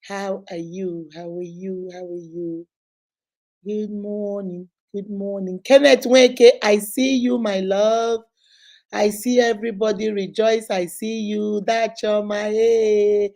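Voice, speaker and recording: A middle-aged Nigerian woman chats on a live stream, calling out to viewers one by one and slipping into preaching. Her voice sits a little high and carries an exuberant, lively energy.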